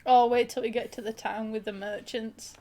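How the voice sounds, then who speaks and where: A woman's voice: on the high side, flat delivery, normal speed, mellow. A woman with a Northern English accent chatting casually on a livestream, with dry asides and frequent laughter.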